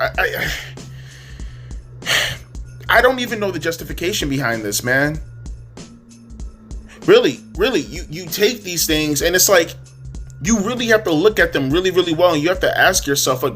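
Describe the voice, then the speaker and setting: A man's voice: on the high side, fairly bright tone. A man ranting heatedly in a profane, exasperated commentary monologue, repeating words as he talks. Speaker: wrestling commentary youtuber.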